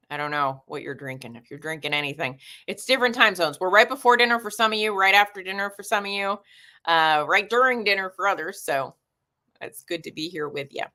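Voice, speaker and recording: Woman in her 40s chatting on a livestream, bright voice, reads out comments. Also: lowish voice. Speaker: livestream host. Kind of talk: casual livestream chat.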